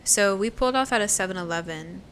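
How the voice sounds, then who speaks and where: Bright-voiced young woman chatting. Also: medium pitch, fast talker, a little hiss or hum. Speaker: podcast co-host. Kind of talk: casual chat.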